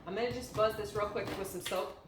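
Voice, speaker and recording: This woman co-hosts an informal cooking demonstration, talking fast in a mid-range voice with fairly flat intonation and frequent fillers as she explains things. It's recorded in an echoey home kitchen with noise in the background.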